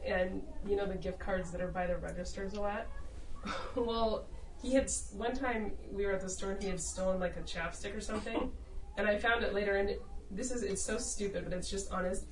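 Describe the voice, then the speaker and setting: Woman, seminar attendee, candid anecdote, mid pitch, distant, echoey room. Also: a little hiss or hum. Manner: candid, laughs while telling the story. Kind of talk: telling an anecdote in discussion. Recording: roomy and distant from the mic.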